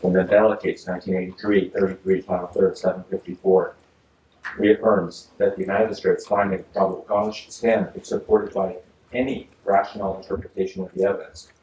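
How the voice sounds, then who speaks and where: Deep-voiced judge in an echoey courtroom. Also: male voice, flat delivery, darkish tone, recorded from a distance. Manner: measured, formal legal delivery with frequent uhs. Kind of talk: reading a ruling from the bench. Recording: echoey courtroom audio from afar, faint hiss.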